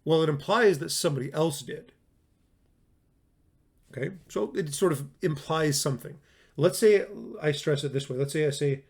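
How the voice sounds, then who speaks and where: A man's voice: a little high, fairly quick, husky. Man lecturing in a conversational, emphatic way. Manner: conversational, emphatic, with frequent restarts. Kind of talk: recorded classroom lecture.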